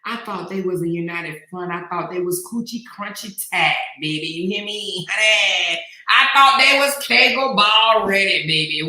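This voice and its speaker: Sassy cackling woman host, bright voice. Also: mid-range voice, normal speed, few pauses, echoey room, rough recording. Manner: loud cackling laughs, sassy exclamations. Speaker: commentary channel host. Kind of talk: drama commentary chat.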